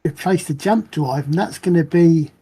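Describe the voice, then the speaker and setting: A man's voice: on the high side, normal speed, crowd noise. A man playing in a tabletop game, chatting casually and hesitantly. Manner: hesitant, restarts often. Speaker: player.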